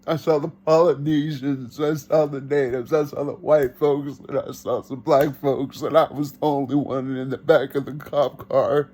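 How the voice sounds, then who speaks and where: A man giving an earnest first-person testimony, telling it slowly and reenacting his own pleas. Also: medium pitch, little pitch movement, darkish tone. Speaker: vlogger.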